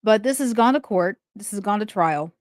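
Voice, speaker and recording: In a clean studio recording with no room sound, a woman works through a true crime story aloud, casual and indignant in a conversational way. She has an animated mid-range voice at normal speed.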